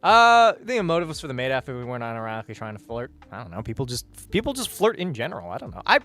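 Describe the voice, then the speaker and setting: A man's voice: mid-range voice, wildly swooping pitch, racing, pushed and bright, soft background music. A man chatting casually on a livestream, reading chat and rambling with hesitant, profane asides.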